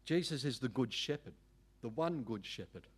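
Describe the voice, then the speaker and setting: A middle-aged man, preaching a sermon in an emphatic, animated way with folksy asides. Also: medium pitch, moderate pace, breathy edge. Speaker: pastor.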